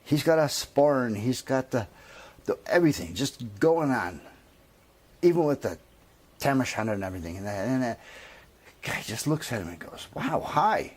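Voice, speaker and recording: A man telling a long comic story in a lively, drawn-out way. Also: mid-range voice. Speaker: comedian.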